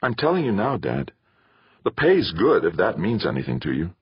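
A man's voice: sits low, wildly swooping pitch, normal speed, breathy edge, dry recording, dull audio, exaggerated voice. A man reading an audiobook, voicing an eager young man who pleads with his father.

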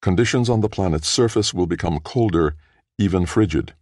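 A man voicing a ship's master computer in an audiobook, with a flat, bland delivery. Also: deep voice, brisk, no echo, clean studio sound.

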